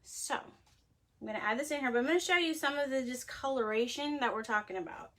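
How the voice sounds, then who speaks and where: A woman's voice: high voice, fast, sharp tone. A woman hosting a casual cosmetics-making livestream, chatty and rambling, full of "like", laughing easily. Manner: chatty and rambling, heavy use of "like". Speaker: host of a handmade cosmetics show.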